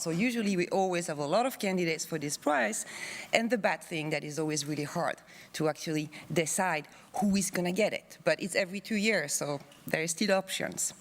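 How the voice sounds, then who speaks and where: Playful woman presenting an academic award. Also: lowish voice. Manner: playful, teasing, talks quickly in bursts. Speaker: conference co-convener presenting an award. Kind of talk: joking award speech at a conference.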